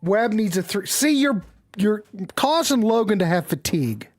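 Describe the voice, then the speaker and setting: A man hosting a casual livestream chat over a video call, excitable and teasing, swearing freely as he jokes with his guests. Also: high voice, normal speed. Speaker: show host.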